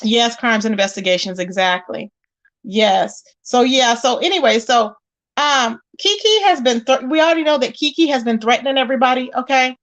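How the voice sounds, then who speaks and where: A high-pitched woman hosting a gossip livestream in a casual, talkative way. She stays emphatic and greets her viewers by name between points. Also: moderate pace, a bit bright. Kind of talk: casual live-stream chat.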